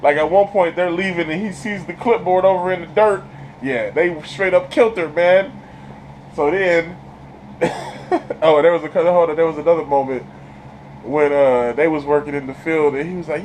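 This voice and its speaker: A man's voice: on the high side, moderate pace, slight background noise, poor audio. A man giving a casual spoiler review of a TV episode, retelling scenes in colloquial slang and laughing often. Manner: animated retelling, laughs often, slips into character voices; colloquial, laid-back slang.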